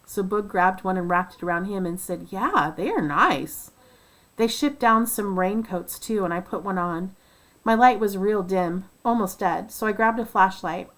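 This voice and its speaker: A woman reading a nonfiction book aloud at first sight, voicing first-person accounts and lifting her voice for quoted shouts. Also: mid-range voice, normal speed, poor audio. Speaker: audiobook reader.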